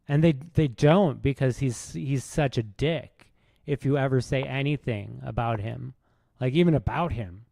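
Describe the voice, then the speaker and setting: A man's voice: medium pitch, measured pace, creaky, mellow, no room sound. A man streaming chess, rambling through a rude comic roast with lots of false starts. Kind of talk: casual streaming commentary while playing.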